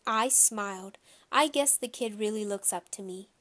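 A woman reading a children's novel aloud in a steady storytelling voice. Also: medium pitch, moderate pace. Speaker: audiobook reader.

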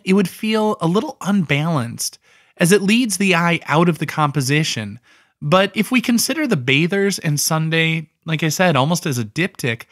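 Chatty man explaining art, fairly high voice. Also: fairly bright tone, dry recording, studio quality. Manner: conversational, with offhand asides and "I mean" fillers. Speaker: art history host. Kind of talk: casual explanatory art talk.

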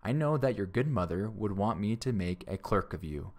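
A man's voice: on the low side, animated, moderate pace, a little mellow. A man playing a hearty old squire. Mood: jovial. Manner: hearty and jovial. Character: hearty old male squire, jovial uncle.

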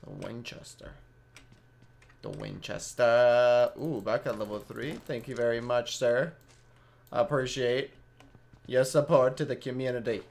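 A man's voice: medium pitch, steady tone, moderate pace, darkish tone. A young Mexican-Canadian man casually rambling through live gameplay commentary and chatting with his viewers by name. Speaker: game streamer.

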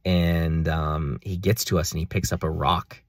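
Low gravelly-voiced young man vlogging. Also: steady tone, unhurried, no room sound, studio quality. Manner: earnest, rambling, many fillers. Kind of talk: casual personal video diary.

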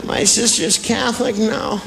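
A stand-up comedian in his act, playing a sloppy drunk man who holds a grudge and slurs, mumbles and bursts out loud. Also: high-pitched, fairly even intonation, a little slow, gravelly. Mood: grudging. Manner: slurring, mumbling, sudden loud outbursts. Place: comedy stage before a live audience. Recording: noisy live club with audience laughter. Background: crowd laughter.

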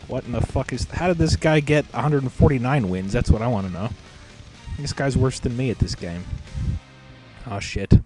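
A man's voice: medium pitch, normal speed, over music. Profane joking male game commentator. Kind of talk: casual replay commentary.

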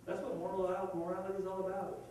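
Man debater: quick, insistent, slightly high, dark-toned, recorded from far off in an echoey room. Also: monotone, a little hiss or hum. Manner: quick, insistent, exasperated arguing with many restarts. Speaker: debater arguing the atheist side. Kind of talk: live debate.

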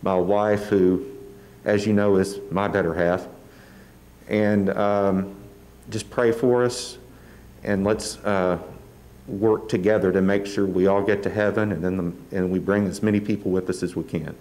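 Man, new church elder, low voice, humble and halting. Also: fairly even intonation, a little mellow, rough recording. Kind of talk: short speech to a congregation.

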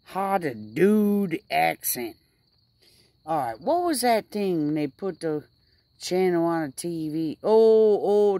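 A woman's voice: fairly low pitch, no room sound. A woman rambling casually to her camera outdoors by a fire, stretching out her words for emphasis. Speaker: vlogger.

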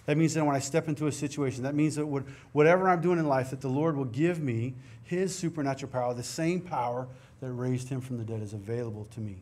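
A man's voice: mid-range voice, fast, few pauses, darkish tone. A middle-aged man preaching a sermon in a church, earnest and conversational, mixing scripture reading with personal stories. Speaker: pastor. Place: church sanctuary.

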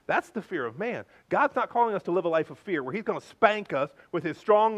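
Man preaching, high voice, lively, chatty asides, pastor delivering a sermon. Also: muffled recording. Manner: animated, conversational preaching with playful asides.

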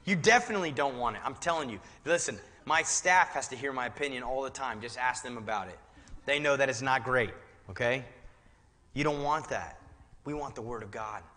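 A man preaching from the pulpit of a church sanctuary, his tone bright and forward. He slips between casual, chatty asides and rising, emphatic declarations. The sound rings out with the long reverb of a large hall. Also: mid-range voice, brisk. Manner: conversational, building to fervent emphatic preaching. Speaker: pastor. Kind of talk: sermon.

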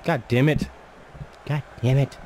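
A man giving excitable, joking commentary while playing a soccer video game, trash-talking the other side. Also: mid-range voice, a little slow, a little hiss or hum. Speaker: gamer. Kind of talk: casual gameplay commentary.

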